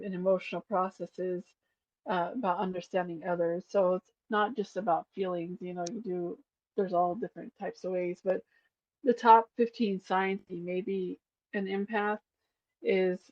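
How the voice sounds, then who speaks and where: A woman co-hosting a casual podcast, speaking softly as she works through a list and ties each point to her own life. Her recording is a bit muffled and lo-fi, and the sound is dry with no room echo. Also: medium pitch. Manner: soft-spoken, reads points then relates them to herself. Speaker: podcast co-host. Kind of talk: casual chat, reading a list aloud.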